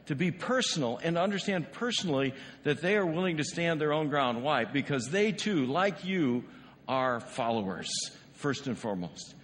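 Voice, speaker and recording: A man's voice: on the high side, expressive, normal speed, a bit bright, big-room sound, a little hiss or hum. A male pastor preaching a sermon in a conversational way, often asking the congregation rhetorical questions. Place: church sanctuary.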